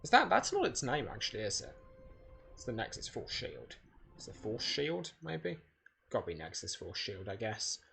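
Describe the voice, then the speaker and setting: A man's voice: mid-range voice, wildly swooping pitch, normal speed, gravelly, a bit bright, husky, soft background music. A man giving casual speedrun commentary while playing, rambling and correcting himself as he thinks aloud. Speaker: gaming video creator.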